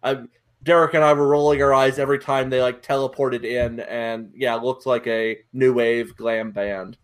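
A man's voice: medium pitch, steady tone, moderate pace. A man co-hosting a casual movie podcast, opinionated and peppering his talk with fillers. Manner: opinionated, fills with "like". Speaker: podcast co-host.

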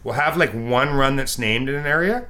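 A man co-hosting a podcast, telling a story in an animated, casual way and acting out sounds and quotes. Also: mid-range voice, normal speed. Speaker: podcast co-host.

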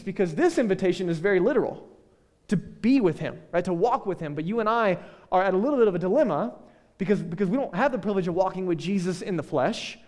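A male pastor giving a casual, conversational sermon, full of joking asides and quick checks with the listeners. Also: high-pitched, a little mellow, long reverb tail.

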